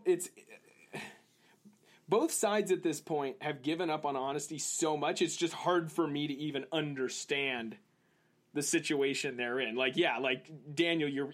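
A man co-hosting a casual podcast, ranting in an exasperated way with halting restarts. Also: fairly high pitch. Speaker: podcast co-host. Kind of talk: casual chat.

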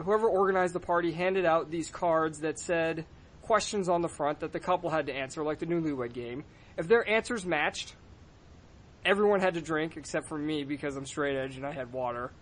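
A man hosting a podcast, telling a story in a casual, profane, animated way. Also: a little high. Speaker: podcast host.

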